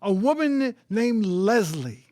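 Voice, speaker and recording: An older man hosting a comedy show, trading deadpan quips and jokes with his partner. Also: sits high, takes it slowly, no echo. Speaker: host. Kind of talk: comedic song and banter.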